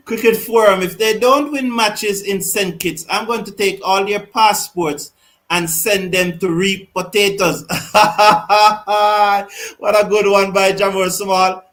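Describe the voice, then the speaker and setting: Excitable man with a high voice. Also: unhurried, poor audio. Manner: excitable, reads viewer comments aloud. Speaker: host of a cricket watch-along. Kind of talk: live cricket commentary and chat.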